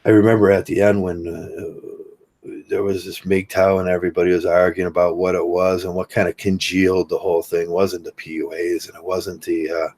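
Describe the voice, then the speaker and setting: An older man hosting a livestream, talking casually in a rambling, halting way with many fillers while he reads chat comments. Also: low-pitched, flat delivery, darkish tone. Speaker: livestream host.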